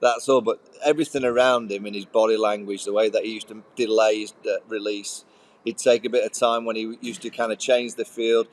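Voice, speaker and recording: A man's voice: on the low side, steady tone, a little fast, poor audio. A middle-aged man, a former cricketer, telling casual anecdotes on a podcast with easy laughter. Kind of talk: casual podcast chat, storytelling.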